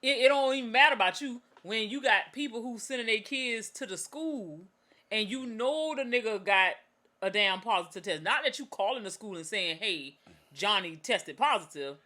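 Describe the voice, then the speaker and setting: A woman's voice: on the high side, normal speed, pushed and bright. A woman, co-hosting a podcast in blunt, opinionated casual chat. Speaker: podcast co-host.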